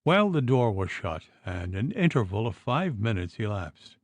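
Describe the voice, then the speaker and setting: A man narrating an audiobook in expressive, unhurried storytelling. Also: on the low side, dry recording. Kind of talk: scripted narration.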